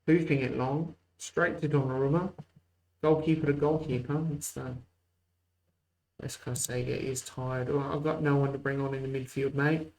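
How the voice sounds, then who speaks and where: A man's voice: medium pitch, steady tone, normal speed, a little mellow, poor audio. A man hosting a let's-play video, mixing mock play-by-play calls with muttered asides. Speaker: host. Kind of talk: casual let's-play game commentary.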